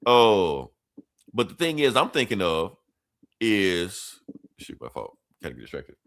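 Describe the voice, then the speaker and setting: A man co-hosting a podcast in casual chat, talking in an animated, profane way and laughing often. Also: sits low, a little slow. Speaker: podcast co-host.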